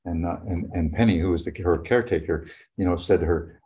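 Low, mellow older man telling stories. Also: fairly quick, dull audio, slight background noise. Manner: rambling, many "you know" fillers. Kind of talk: casual reflective storytelling.

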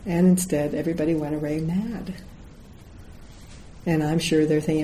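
Low, mellow-voiced woman giving a Zen talk. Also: moderate pace, slight background noise, low-quality recording. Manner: storytelling, acts out quoted voices. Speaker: Zen teacher. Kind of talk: dharma talk.

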